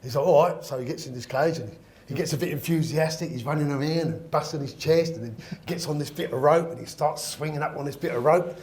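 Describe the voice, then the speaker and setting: A man's voice: on the high side, fast talker, darkish tone. A man, a guest comedian telling a joke in a casual, rambling way. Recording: echoey room.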